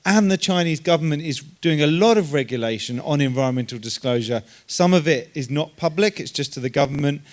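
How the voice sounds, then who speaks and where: A man speaks on a conference panel in a slightly high voice. He explains in a calm, measured way, pausing now and then on a filler.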